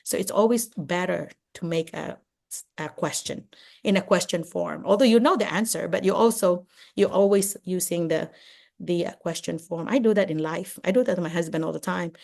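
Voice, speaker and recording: Older woman, retired educator, lively and chatty, lots of "you know", heard over a video call. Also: on the low side, moderate pace, gravelly. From Philippines. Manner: animated, acts out classroom exchanges, many "you know"s. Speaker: retired teacher and administrator, guest speaker. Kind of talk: casual advice talk on a video call.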